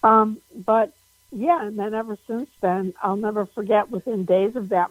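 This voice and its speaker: A woman comedian guesting on an interview over the phone, talking animatedly with frequent laughs and big pitch jumps. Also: normal speed, no echo, rough recording.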